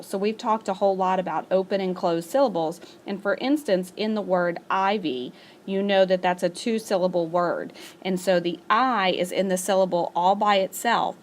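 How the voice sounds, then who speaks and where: A woman teacher recording a spelling lesson as a voice-over for her class. She talks patiently and slows down to stretch out each example word. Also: fairly low pitch, slight background noise. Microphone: screencast voice-over.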